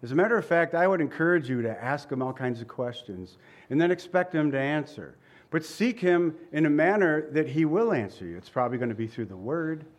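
Expressive and a little fast, this preacher repeats phrases for emphasis, tosses in light asides, and sometimes chuckles. He changes pitch to voice quoted lines.

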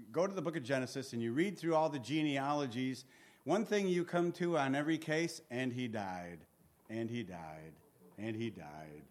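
A man teaching through a book of the Bible, reading scripture aloud, acting out its pleas and turning to his listeners with conversational asides. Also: medium pitch. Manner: earnest, reads scripture aloud and acts out the pleas.

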